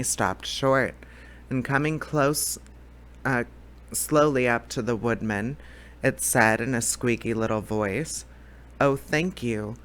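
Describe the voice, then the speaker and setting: A man's voice: medium pitch, a bit bright. A man reading a children's book aloud, unedited, now and then tripping on words and correcting himself. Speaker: storybook reader.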